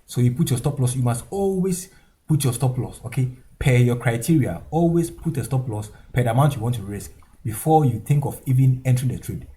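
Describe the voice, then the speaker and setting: A man's voice: medium pitch, expressive, fairly quick, warm tone. A man teaching a trading lesson over a chart, repeating his points with emphasis and tagging lines with "okay?" and "guys". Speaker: forex trading instructor. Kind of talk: screen-share trading tutorial.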